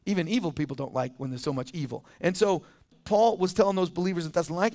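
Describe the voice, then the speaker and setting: A man's voice: high voice, quick pace, a little mellow. A man, a pastor, preaching a sermon in a loose conversational way and acting out the voices of people he quotes.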